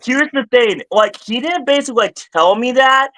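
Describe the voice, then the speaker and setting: High-voiced man rambling on a stream. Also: expressive, moderate pace, no echo, rough recording. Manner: rambling, repeats and restarts phrases, gets louder and higher when worked up. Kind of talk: casual livestream chat.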